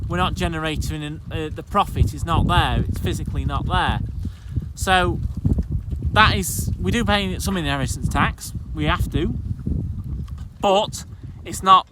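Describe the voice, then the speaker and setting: A man's voice: on the high side, noisy background. A man from the UK, a farmer vlogger, ranting bluntly to camera and repeating himself as he gets frustrated. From United Kingdom. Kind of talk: casual talking-to-camera rant.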